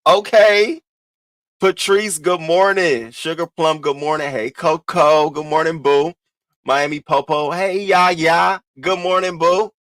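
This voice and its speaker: A man hosting a casual livestream, greeting viewers one by one in an animated, playful way. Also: a little slow, no room sound. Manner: animated, playful, swoops up high when greeting people. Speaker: livestream host.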